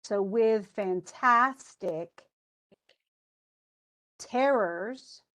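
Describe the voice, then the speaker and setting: A woman's voice: mid-range voice, very slow, a bit bright. A woman teaching an English class, reading a poem aloud and then explaining its stresses with frequent restarts. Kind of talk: classroom lesson.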